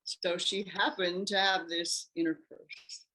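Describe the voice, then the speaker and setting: Woman telling a story with lively quoted voices. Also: lowish voice, takes it slowly. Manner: animated, acts out quoted voices. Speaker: interview guest. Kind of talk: personal storytelling.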